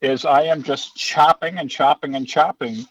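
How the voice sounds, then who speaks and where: Middle-aged male comedy coach, rambling and confident, slightly high voice, dull dry lo-fi audio. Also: steady tone, moderate pace, fairly bright tone. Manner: chatty, rambling, self-assured. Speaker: stand-up comedy teacher. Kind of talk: casual interview storytelling.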